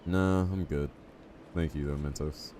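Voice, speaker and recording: A man's voice: a bass voice, fairly even intonation, unhurried, very noisy. A man streaming a game live, chatting casually and joking with his viewers. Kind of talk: casual live-stream chat while playing.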